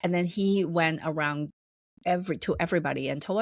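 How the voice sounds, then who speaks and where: Female podcast host, low voice, rambling casual storyteller, dry close mic. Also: fairly quick, no room sound. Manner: rambling, many fillers, acts out quoted voices higher.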